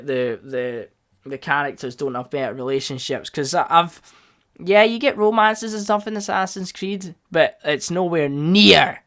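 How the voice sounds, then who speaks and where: Excitable young man hosting a podcast. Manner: excitable, jumps in pitch and loudness, mock quoted voices. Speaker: podcast host. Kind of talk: casual solo review chat.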